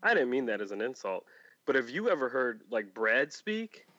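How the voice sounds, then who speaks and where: A man's voice: mid-range voice, normal speed, no room sound. Man, casual podcast host, rambling chat, muffled lo-fi sound. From Illinois. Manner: relaxed, rambling, self-correcting.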